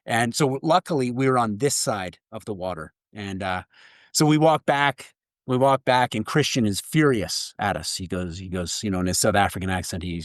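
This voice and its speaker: Lively Canadian-born man telling a story. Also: on the low side, moderate pace, dry recording, studio quality. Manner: lively, laughs through his story. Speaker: guest, keynote speaker. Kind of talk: animated storytelling in conversation.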